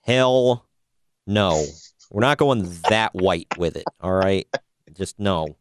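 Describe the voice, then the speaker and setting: A male podcast host with a lowish, smooth and resonant voice, chatting casually through the news. He is wry and opinionated. The sound is close and dry, with no room echo. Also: expressive, takes it slowly. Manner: wry, opinionated, laughs at own jokes.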